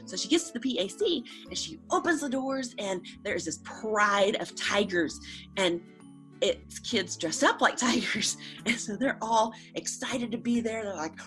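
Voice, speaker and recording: A woman's voice: fairly high pitch, expressive, normal speed, a bit bright, soft background music. A woman telling a lighthearted story to students in a casual, chatty way, acting out quotes with "she's like". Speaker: school staff storyteller.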